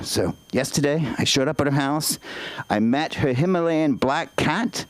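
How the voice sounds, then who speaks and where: A man's voice: fairly high pitch, moderate pace, no room sound, low-quality recording. A man doing open-mic stand-up, chatty, rambling and self-deprecating. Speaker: stand-up comic.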